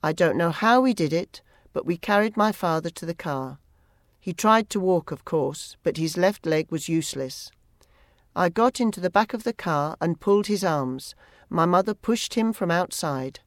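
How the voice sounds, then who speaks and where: Measured audiobook narrator, dry sound. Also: mid-range voice, expressive, no echo. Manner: measured, plain storytelling. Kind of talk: scripted first-person narration.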